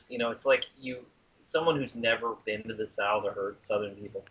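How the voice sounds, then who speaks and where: A man's voice: on the low side, brisk, slightly rough. A man from the US South co-hosting a podcast in casual chat. He is chatty and stumbles over his words when amused. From US South (Arkansas, Alabama). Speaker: podcast co-host. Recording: dull lo-fi podcast audio.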